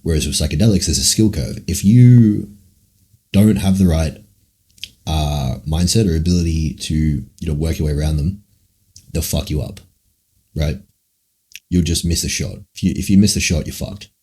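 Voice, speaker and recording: Dude with a super low husky voice rambling thru chat questions on stream, swears a lot. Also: male voice, normal speed, long pauses, warm tone. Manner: rambling, musing, frequent swearing. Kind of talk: casual livestream Q&A.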